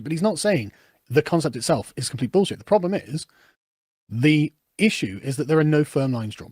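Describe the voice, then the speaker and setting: A man commenting on news clips in a sarcastic, swearing, animated rant. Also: a little high, dry recording, clean studio sound. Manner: fast, animated, sarcastic, swears and laughs often. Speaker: political commentator.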